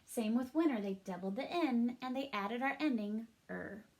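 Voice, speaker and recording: A woman's voice: fairly high pitch, moderate pace, darkish tone. A woman teacher giving a recorded reading and spelling lesson to her class, speaking patiently and spelling words out letter by letter.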